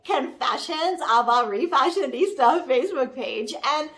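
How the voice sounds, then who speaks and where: A woman's voice: high-pitched, animated, a little slow, a bit bright. A woman playing a bubbly, trendy young social media manager who talks in valley-girl style, peppered with "like" and "totally", in a comedic character monologue. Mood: indignant.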